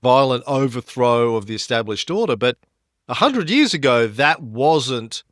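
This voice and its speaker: A man's voice: medium pitch, expressive, unhurried, fairly bright tone, dry recording, clean studio sound. A man co-hosting a history podcast, explaining events with frequent fillers and restarts. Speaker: podcast co-host.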